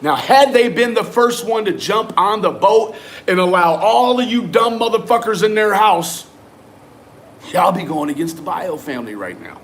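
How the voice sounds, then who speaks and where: Young guy going off on his livestream, swearing a lot, kinda high voice, yelling at people in chat. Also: animated, normal speed, slight background noise. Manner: profane, confrontational, addresses chat commenters by name. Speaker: livestream host. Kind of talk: ranting livestream commentary.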